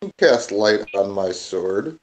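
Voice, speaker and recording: A man's voice: lowish voice, expressive, a little slow, poor audio. A man playing in a tabletop game, chatting casually with jokey banter. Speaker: player.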